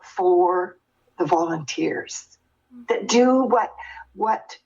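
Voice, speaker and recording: A woman's voice: fairly low pitch, very slow, vocal fry, dull audio. Older woman telling a heartfelt story. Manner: earnest, animated when telling a story, with many restarts. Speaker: guest sharing her experience. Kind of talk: reflective personal storytelling.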